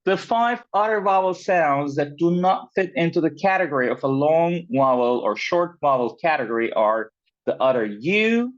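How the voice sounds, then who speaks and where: A man teaching pronunciation in an online class, talking slowly with many fillers, repeats and checks of "right?". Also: fairly high pitch, expressive. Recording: dull, lo-fi sound.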